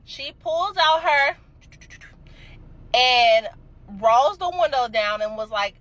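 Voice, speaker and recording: A young adult woman telling a casual storytime, animated and emphatic, swearing freely. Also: high-pitched, slow, low-quality recording.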